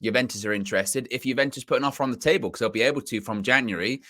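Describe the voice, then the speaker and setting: A man co-hosting a football podcast, explaining news in a measured, conversational way. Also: mid-range voice, pushed and bright. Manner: measured, explanatory, laughs easily. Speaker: co-host. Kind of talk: casual football podcast chat.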